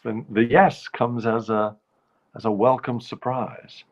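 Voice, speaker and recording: A man's voice: mid-range voice, little pitch movement, slow, highs cut off. A man hosting his own live show, chatting casually and rambling as he greets viewers by name. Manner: rambling, chatty, self-interrupting. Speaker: host of a nightly live show.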